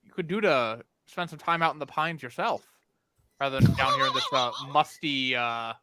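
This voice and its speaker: A man's voice: mid-range voice, normal speed, very noisy. A man playing his character at a tabletop game, chatting in a folksy, stammering way. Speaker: player.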